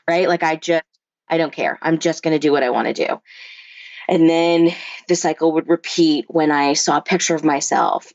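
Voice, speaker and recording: A woman's voice: low voice, no echo. A woman therapist talking as a podcast guest, telling her story frankly with many fillers and restarts. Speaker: therapist and body-image coach, podcast guest. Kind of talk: candid conversational storytelling. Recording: dull lo-fi remote recording.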